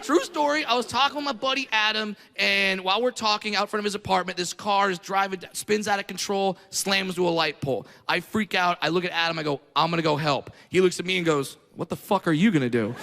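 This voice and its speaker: Brash high-voiced stand-up comic, gravelly. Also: male voice. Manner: brash, self-mocking, swings into loud mock voices. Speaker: stand-up comedian. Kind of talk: stand-up comedy set. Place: comedy stage with a live audience. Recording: live room with long reverb and noise.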